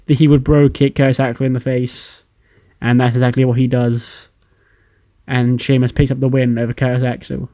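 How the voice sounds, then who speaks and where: A man's voice: mid-range voice, darkish tone. Casual man recapping a game. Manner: casual, storytelling with acted quotes. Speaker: game channel host. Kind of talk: narrated recap of a wrestling sim game.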